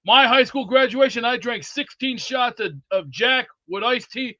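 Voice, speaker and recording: Male sports-talk host with a high, rambling, boisterous delivery and dull lo-fi sound. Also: unhurried, bright, forceful tone. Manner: rambling and boisterous, full of movie quotes. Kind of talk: live sports talk chat. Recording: dull lo-fi audio.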